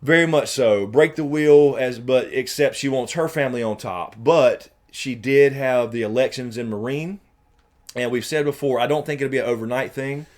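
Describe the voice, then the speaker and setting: A man with a Southern American accent runs a laid-back live stream and takes questions from the chat. His voice sits at an ordinary middle pitch. He slides from quiet mumbling into loud, animated bursts, with plenty of casual cursing. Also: normal speed. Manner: swings between muttering and loud animated outbursts, swears freely; reads viewer questions aloud and answers them.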